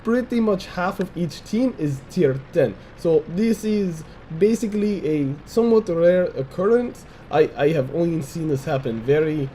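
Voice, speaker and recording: A man's voice: a little high, expressive, measured pace, few pauses, mellow, slight background noise, rough recording. Man putting on a Russian accent. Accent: put-on Russian accent. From United States. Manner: stiff, formal phrasing without contractions, frequent restarts. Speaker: gameplay commentator. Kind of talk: casual game replay commentary.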